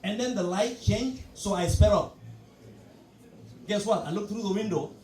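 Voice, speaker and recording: A male comedian tells an animated story on stage, filling it with casual asides. His voice sits very high. It is picked up from a distance in an echoey room with a faint hum underneath. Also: moderate pace. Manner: storytelling, animated, frequent asides like "you know". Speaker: stand-up comedian. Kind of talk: stand-up comedy set. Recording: echoey club from a distant mic.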